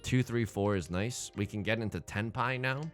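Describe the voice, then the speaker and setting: A young man hosting a game let's play, talking through his moves with jokes and big swings between excited yelling and low muttering. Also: normal speed, faint music behind. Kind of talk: game commentary.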